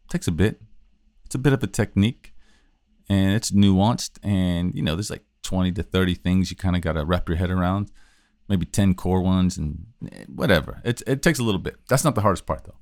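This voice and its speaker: A man's voice: sits low, fairly quick, a little mellow, no echo, clean studio sound. A man hosting a solo talk on communication, thinking aloud in a loose, casual way with frequent restarts. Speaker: podcast host teaching communication.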